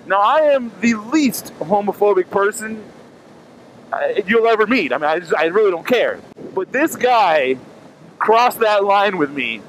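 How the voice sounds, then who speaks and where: Brief: high-voiced man, animated, swearing storyteller, faint noise behind. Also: normal speed, low-quality recording. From Miami. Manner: animated, profane, acts out quotes. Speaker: vlogger telling a story. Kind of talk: casual storytelling.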